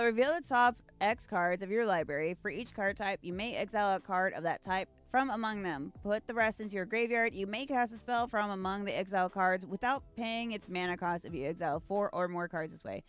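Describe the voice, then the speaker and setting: A woman's voice: medium pitch, fairly quick, hardly any pauses, smooth. A young woman opening trading card packs at home, gushing over the art and reading card text aloud. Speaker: card-unboxing YouTuber. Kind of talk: casual card unboxing commentary.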